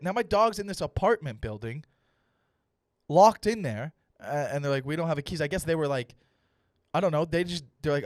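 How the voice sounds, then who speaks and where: Animated, profane man ranting on a podcast. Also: a little high, normal speed, dry recording, clean studio sound. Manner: animated, profane, rants with acted-out dialogue. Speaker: comedian host. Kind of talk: comedic podcast monologue.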